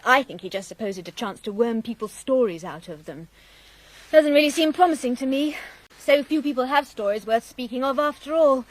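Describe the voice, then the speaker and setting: A woman's voice: high-pitched, a bit bright, rough recording. An actress playing a playful, teasing young woman from an old family in a radio drama, telling a yarn. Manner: teasing, lilting, storytelling. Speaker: Miss Raven.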